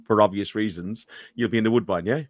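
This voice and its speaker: Irish man with a low, dry voice. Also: fast, no room sound. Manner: hesitant, full of ums and restarts. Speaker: podcast co-host. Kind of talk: casual football fan chat.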